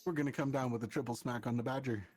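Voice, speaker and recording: A man taking his turn in a tabletop game, describing his moves in an easygoing way. His voice sits at a middle pitch. The recording is dry, with faint music underneath. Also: very fast, darkish tone, dry recording. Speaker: player. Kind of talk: playing a tabletop game online.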